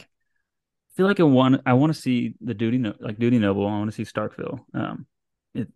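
A man's voice: lowish voice, a little mellow, no room sound, studio quality. A man co-hosting a casual podcast, easygoing and hesitant, often circling back mid-sentence. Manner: easygoing, hesitant, full of fillers and restarts. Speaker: podcast co-host.

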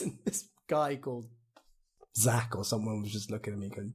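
A Welsh man, an actor guest, chatting casually on a podcast, rambling and animated, laughing often. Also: mid-range voice, moderate pace, a little hiss or hum. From Wales.

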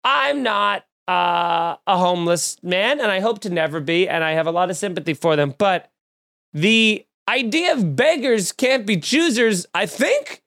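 On his comedy podcast, a man with a high, expressive, slightly bright voice speaks a little slowly. He rambles through stories and mocks himself with a loose, offhand delivery.

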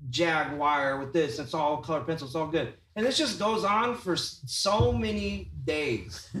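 A man's voice: on the high side, normal speed, distant mic. A young man hosting a podcast, telling a casual story with lots of swearing and acted-out voices of the people in it. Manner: animated, swearing, acts out quoted voices. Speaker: podcast host, tattoo artist. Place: tattoo shop room. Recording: roomy, off-mic sound.

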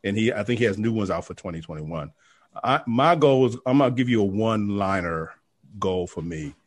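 Low-voiced man rambling casually. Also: lively intonation, brisk. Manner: rambling, hesitant, lots of fillers. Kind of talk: casual golf podcast chat.

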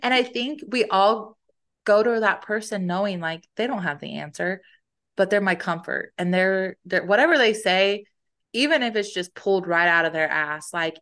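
A woman's voice: mid-range voice, normal speed, fairly bright tone. A woman co-hosting a podcast in casual chat, reflective and plainspoken, thinking aloud. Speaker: podcast co-host.

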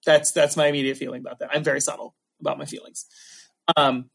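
A man hosting a casual chat, animated and sarcastic, with quick asides. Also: a little high, gravelly. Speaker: podcast host.

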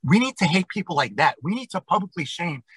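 A man with a husky, bright-edged voice rants through a casual podcast chat, full of opinions. The sound is dry and close, with no room around it. He stumbles into restarts and then pushes hard on his points. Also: high-pitched, very animated, quick pace, no room sound, poor audio. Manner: opinionated and ranting, with many fillers and restarts.

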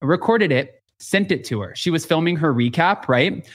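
A man hosting a podcast, telling gossip with lively acted-out quotes and lots of filler "like". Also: on the high side, normal speed. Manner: animated storytelling with acted-out quotes; frequent filler "like". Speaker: podcast host. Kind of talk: casual gossip chat.

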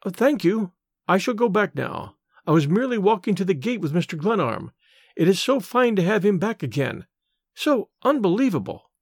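A poised young woman with a frosty, formal courtesy, as a male storyteller puts her on. The voice rides noticeably higher than his own and moves lively through the lines, recorded dry and close. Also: normal speed, no echo, heavily acted. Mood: cool polite.

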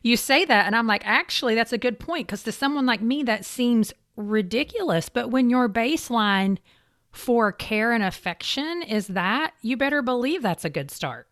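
A woman's voice: on the high side, expressive, moderate pace, a bit bright. A woman interviewing a guest in a casual faith conversation, asking questions and encouraging her. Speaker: podcast interviewer.

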